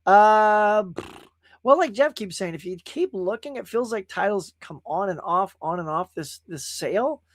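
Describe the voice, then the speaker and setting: A man hosting a casual live stream, animated and laughing often as he reads viewer comments. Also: sits high, measured pace. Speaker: host.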